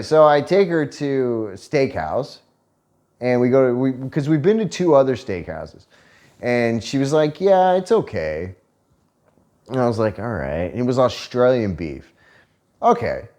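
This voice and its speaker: A man's voice: mid-range voice, sing-song, normal speed, darkish tone. A man telling a story in a casual, profane, joking way and laughing often. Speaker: vlogger.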